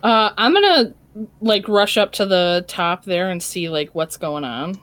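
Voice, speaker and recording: A woman's voice: on the low side, expressive, measured pace, fairly bright tone, no room sound. A woman player in a tabletop game, asking questions in a casual, hedging way.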